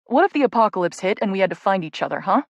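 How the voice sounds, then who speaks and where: Lady reading as a wry teasing twin bro in an audiobook, middle-pitched, dry sound. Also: sing-song, vocal fry, no room sound. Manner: wry, teasing, quick banter. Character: teasing protective young adult twin brother. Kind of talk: audiobook narration.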